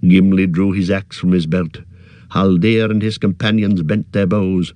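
Low-voiced guy reading a fantasy book aloud, dry, steady pace. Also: a little slow, no room sound. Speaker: audiobook narrator. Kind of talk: scripted narration.

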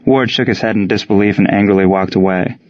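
A man reads an audiobook narration in a steady, even manner at a middle pitch. The recording has a slightly muffled, dull sound. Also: fast talker.

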